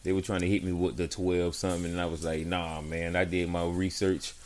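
A man with a low, deep voice talks in an easygoing, slangy way about his week. It is relaxed, unscripted chat among friends, and he tells his story plainly. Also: fast. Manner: laid-back, slangy, storytelling. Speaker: truck driver, podcast co-host. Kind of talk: casual chat.

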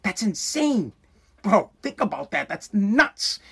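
A man's voice: sits high, very animated, slow pace, gravelly, sharp tone, slightly rough. A man telling a comic story as a profane, exasperated rant, full of stammered restarts. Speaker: comedic storyteller.

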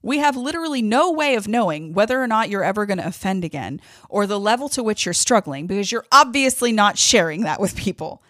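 A woman's voice: medium pitch, lively intonation, brisk, hardly any pauses, fairly bright tone, no echo, clean studio sound. A woman hosting a podcast, speaking with angry, emphatic passion and openly worked up. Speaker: podcast host. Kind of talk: impassioned podcast commentary.

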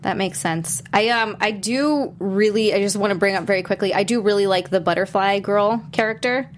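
A woman's voice: medium pitch, moderate pace, a little hiss or hum. A young woman hosting a casual chat about TV episodes, bubbly and laughing often. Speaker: host.

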